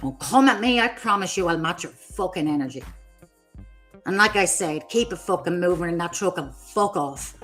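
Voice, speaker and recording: A woman's voice: lowish voice, expressive, moderate pace, a bit bright, soft background music. Furious, swearing woman streamer. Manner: angry, profane, confrontational. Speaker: streamer host. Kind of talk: livestream rant.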